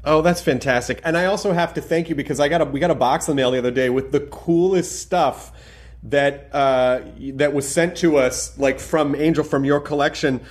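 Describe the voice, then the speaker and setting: A man's voice: a little high, normal speed. A man hosting a podcast, chatting effusively and rambling with lots of fillers. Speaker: podcast host. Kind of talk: casual chat.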